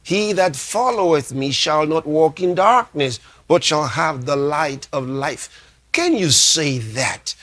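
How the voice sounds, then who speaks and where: Slow, deliberate preaching pastor, man. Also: fairly high pitch, sing-song, a bit bright. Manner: emphatic preaching, repeating key phrases; reads scripture aloud slowly. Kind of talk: sermon.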